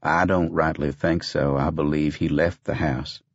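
A man's voice: a bass voice, fairly even intonation, a little slow, no echo, dull audio, pitched below the performer's own voice, exaggerated voice. A man voicing a nervous, evasive rustic ranch foreman with a folksy, ungrammatical drawl.

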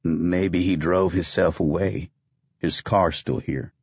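A man's voice: sits low, fairly even intonation, slow, a little mellow, husky, no room sound, highs cut off, heavily acted. A man voicing a nervous, evasive rustic ranch foreman with a folksy, ungrammatical drawl.

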